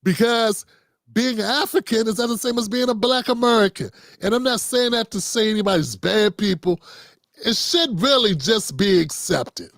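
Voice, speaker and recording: A man's voice: sits high, animated, moderate pace, fairly bright tone, dry recording, studio quality. A man hosting unscripted political commentary, talking casually and riffing, slipping into quoted voices.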